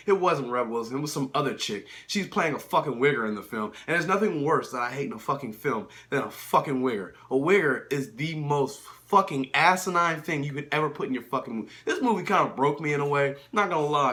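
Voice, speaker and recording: A man's voice: fairly high pitch, sharp tone. A young man reviewing films in a casual, profane, exasperated rant. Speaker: film reviewer.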